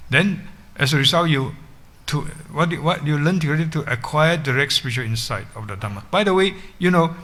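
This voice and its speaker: A male Buddhist teacher gives a dharma talk, explaining ideas patiently. His voice is bright and forward, and he often restarts phrases and checks in with a quick "yeah?". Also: mid-range voice.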